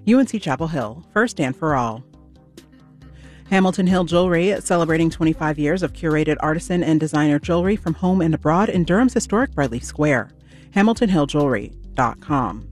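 A man making station sponsor announcements in a smooth, upbeat way. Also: fairly high pitch, lively intonation, brisk, soft background music.

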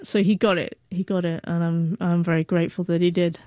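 A woman's voice: fairly low pitch, flat delivery, a little fast, dry recording, lo-fi sound. A woman in her forties, a guest telling a heartfelt personal story, who stutters and breaks off the starts of words. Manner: heartfelt, reflective.

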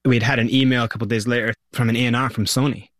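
A man with a Scottish accent recounts his past as an interview guest, bringing the story alive with lively delivery. His voice sits in an ordinary middle register. The recording is close and dry, with no room sound. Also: mid-range voice, rapid-fire, no echo. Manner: energetic, vivid storyteller who acts out quotes.

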